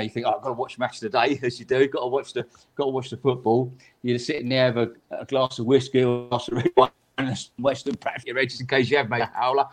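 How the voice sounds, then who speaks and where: Chatty older man telling referee stories. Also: mid-range voice. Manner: chatty, repeats words, acts out quotes. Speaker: guest, former football referee. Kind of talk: anecdotal storytelling on a podcast.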